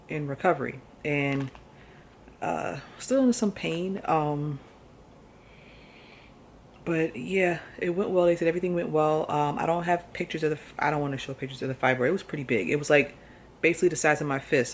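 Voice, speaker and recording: A woman speaks in a casual personal vlog. Her talk is soft and hesitant, full of fillers and pauses. A faint noise sits under her voice. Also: low voice. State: nervous, close to tears before surgery. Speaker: vlogger.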